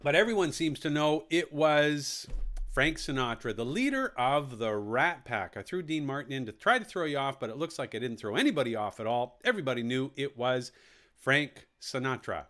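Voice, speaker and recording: A man's voice: medium pitch, fairly quick, a bit bright. A man hosting a live online quiz, reading out questions and answer options and repeating them with jokey asides. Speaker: quiz host.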